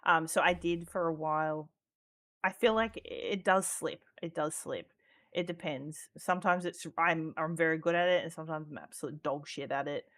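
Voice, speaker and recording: A woman's voice: low-pitched, normal speed, fairly bright tone. An Australian woman chatting casually as a podcast guest, talking freely with lots of ums, swearing and laughter. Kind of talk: casual chat.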